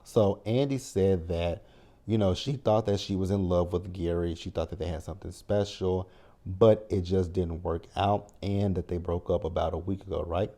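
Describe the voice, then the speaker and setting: A man recaps a TV episode in a loose, wry, chatty way, swearing freely. His voice is low-pitched and mellow. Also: steady tone, moderate pace. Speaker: TV recap channel host.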